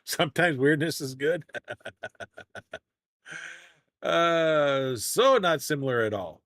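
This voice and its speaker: Lively, joking male game streamer. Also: fairly high pitch, slow, no echo, studio quality. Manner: playful, jokey, self-mocking. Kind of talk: live gameplay commentary.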